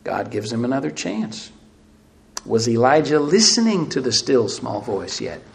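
A man preaching a sermon, asking emphatic rhetorical questions and swinging between loud and hushed delivery. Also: mid-range voice, very animated, a little slow, vocal fry. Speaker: pastor.

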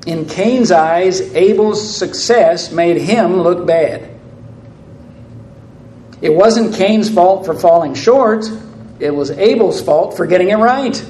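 A man with a high voice delivers a sermon at a slow, deliberate pace, stacking rhetorical questions one after another. His voice rings through a roomy church hall with a clear echo. A faint ambience sits behind him. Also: warm tone, a little hiss or hum. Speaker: pastor.

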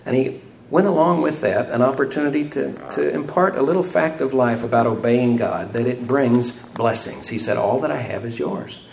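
A man's voice: medium pitch, moderate pace, vocal fry, darkish tone. A man preaching a sermon, asking the congregation rhetorical questions and adding light self-deprecating humor. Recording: echoey room, faint room noise.

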